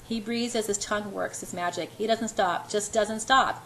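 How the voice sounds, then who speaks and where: A woman's voice: mid-range voice, steady tone, moderate pace, a bit bright, a little hiss or hum, poor audio. A woman reading a romance novel aloud in an unpolished first-person voice. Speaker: amateur reader.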